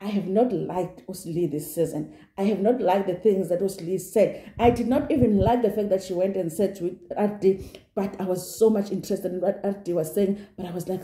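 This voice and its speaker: A woman giving a lively, gossipy recap of a reality show. She acts out the quotes and laughs often. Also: mid-range voice, moderate pace. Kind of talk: casual recap commentary. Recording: roomy echo.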